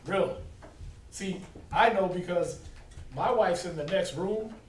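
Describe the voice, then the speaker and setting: A man's voice: sits high, slow pace. A man teaching a casual Bible class, joking and laughing between points. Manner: joking, laughing often, preachy asides. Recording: roomy distant recording with noise.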